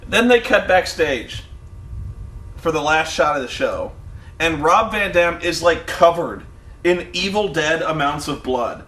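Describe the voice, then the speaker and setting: A man co-hosting a podcast, telling wrestling stories in casual, profane chat and acting them out with shouted impressions. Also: a little high, lively intonation, measured pace, reverberant, a little hiss or hum. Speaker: podcast co-host.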